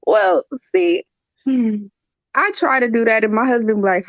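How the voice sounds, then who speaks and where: A woman with a gravelly, creaky voice hosts a casual chat, blunt and full of laughter. The sound is dull and lo-fi, close and dry. She tells her stories with lively energy. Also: fairly high pitch, moderate pace, dry recording. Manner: blunt, laughing, animated storytelling. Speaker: channel host.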